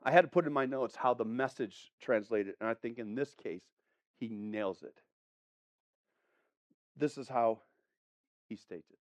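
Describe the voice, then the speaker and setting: A man preaching a sermon, animated, swinging between hushed tones and loud exclamations as he acts out scripture. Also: medium pitch, measured pace, long pauses, dry recording.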